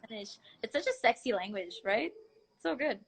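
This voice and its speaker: A young woman whose first language is Portuguese, hosting a live stream and chatting in a bubbly, excitable way. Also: on the high side, normal speed, gravelly. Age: young adult. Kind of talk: casual live-stream chat.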